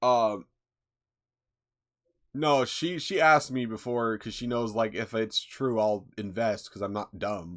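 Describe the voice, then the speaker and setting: Laid-back rambling young man streaming. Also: on the low side. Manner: rambling, laid-back, swears freely, lots of fillers. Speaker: livestream host. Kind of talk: casual livestream chat.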